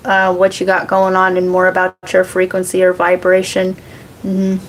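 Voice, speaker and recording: A woman's voice: medium pitch, vocal fry, a little hiss or hum. A woman, chatting casually on a livestream as a psychic reader, laughing often and cursing freely. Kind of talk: casual live chat reading comments.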